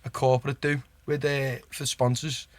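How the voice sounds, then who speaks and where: At a moderate pace and medium pitch, the Liverpool man keeps up his chatty, sweary storytelling as a podcast guest, peppering it with "do you know what I mean." Excitement and laughter bubble up as he tells each tale.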